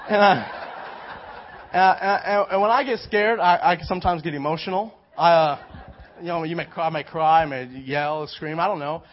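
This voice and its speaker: Young male preacher, casual storytelling, high voice, muffled lo-fi sound. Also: a little fast. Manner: animated, storytelling, many restarts. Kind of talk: casual sermon with personal story. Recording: dull lo-fi recording.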